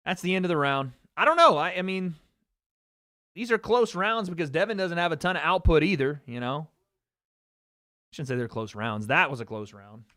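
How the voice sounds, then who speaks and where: A young man hosting a livestream, talking in a fairly high voice with loose, excitable energy. He swears freely and reacts on the fly. The sound is dry and close, with no room around it. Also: moderate pace, long pauses, no echo. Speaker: livestream host. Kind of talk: casual live fight-watching commentary.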